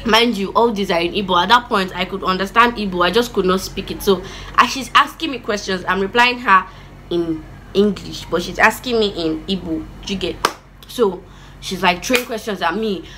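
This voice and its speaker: A young woman with a Nigerian accent telling a dramatic storytime vlog, animated and expressive, slipping in pidgin words. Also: mid-range voice, normal speed, slight background noise. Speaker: vlogger.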